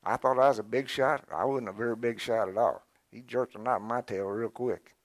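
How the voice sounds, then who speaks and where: An older man preaching a sermon in a folksy, animated way, calling on the congregation to answer back. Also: mid-range voice, brisk, dry recording. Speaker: pastor.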